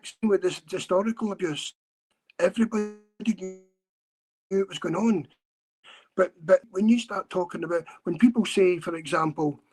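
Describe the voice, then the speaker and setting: A man from Scotland, a guest on a podcast interview, telling his story earnestly with many halting repeats and restarts. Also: high voice, a little mellow, husky.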